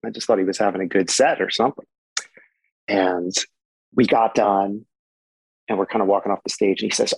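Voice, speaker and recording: A man in his forties, a guitarist guest, telling stories in a relaxed, chatty way with many fillers. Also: fairly low pitch, brisk, creaky, long pauses, husky, no room sound, low-quality recording. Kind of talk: conversational storytelling. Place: home. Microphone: remote recording.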